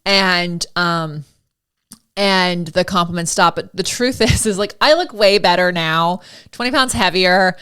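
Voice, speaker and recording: Woman host, 40s, lowish smooth voice, candid and chatty. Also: measured pace, a bit bright. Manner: candid, chatty, laughs easily. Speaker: podcast host, Pilates instructor. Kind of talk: casual conversational interview.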